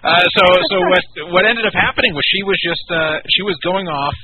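A man's voice: high voice, a little fast, background noise. Opinionated man telling stories on a tinny line. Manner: storytelling, opinionated. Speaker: radio show host. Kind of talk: casual radio chat.

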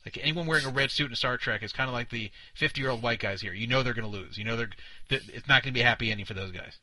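Sarcastic man, bright dry voice. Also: mid-range voice, very fast, no room sound, low-quality recording. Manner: sarcastic, mocking, laughs often. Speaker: podcast co-host. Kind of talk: casual commentary on a video.

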